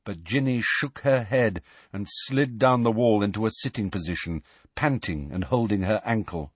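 A man's voice: on the low side, moderate pace, breathy edge, no echo. A man narrating a fantasy novel as an audiobook, telling the tense story with expression. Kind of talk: scripted narration.

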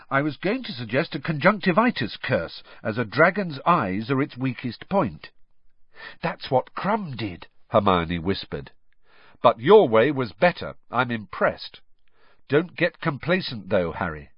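A man's voice: mid-range voice, sing-song, unhurried, breathy edge, no echo. A man doing an earnest teenage schoolboy. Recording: dry, slightly muffled.

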